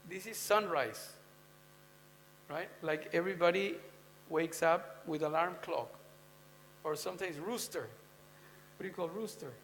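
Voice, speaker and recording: A man's voice: a little high, a little slow, long pauses, a bit bright. A man giving a devotional scripture class in a temple, talking conversationally and quizzing his listeners as he goes. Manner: conversational, quizzing the audience with "huh?" and "you know?". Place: temple hall. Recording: long hall reverb with faint mains hum.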